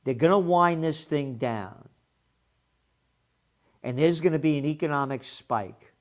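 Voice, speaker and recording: A man's voice: on the high side, measured pace. An older man delivers an opinionated solo commentary in a slightly raised voice. He is sarcastic and combative and swears freely when his anger rises. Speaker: host of a trends commentary show.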